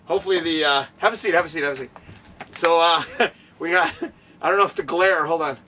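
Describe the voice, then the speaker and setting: A man hosting a casual interview at a guest's home, excitable and rambling, laughing often, recorded from a distance. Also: on the high side, a little fast. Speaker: show host. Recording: distant mic, faint room ambience.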